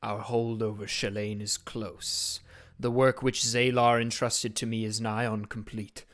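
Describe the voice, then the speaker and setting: Man doing a distant, warped cult priest calling out from the flames of a tabletop game; slow, grave orders. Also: on the low side, little pitch movement, fairly bright tone. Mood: commanding. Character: distorted disembodied male cult priest speaking from flames.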